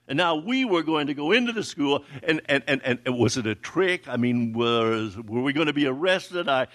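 A man's voice: a little high, lively intonation, normal speed, a bit bright. An older man telling a sermon-style testimony, often stumbling over repeated words and acting out the people he quotes. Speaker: ministry founder telling a testimony.

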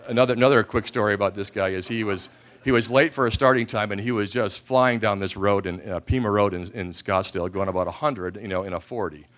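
A man's voice: lowish voice, quick pace, fairly bright tone. A man giving a speech to an audience, telling self-deprecating humorous anecdotes and acting out the voices in them. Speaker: speaker at an event.

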